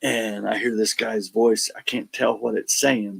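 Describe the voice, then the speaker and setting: This is a man with a low, gravelly voice. It has a husky edge, and he tells his stories in a loose, conversational way. He acts out every line of dialogue with animated energy. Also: measured pace, low-quality recording. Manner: animated storyteller, acts out quotes, laughs between lines. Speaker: paranormal investigator guest. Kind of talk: casual storytelling on a podcast.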